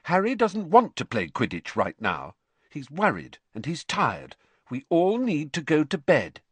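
A man voicing a clever, sensible teenage girl in a storybook reading, brisk and reasonable in a raised pitch. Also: huge pitch swings, a bit bright, husky, dry recording, full character voice. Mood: earnest.

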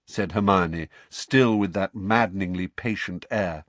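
A man narrating an audiobook in an expressive storytelling manner. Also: low-pitched, a little slow, no room sound.

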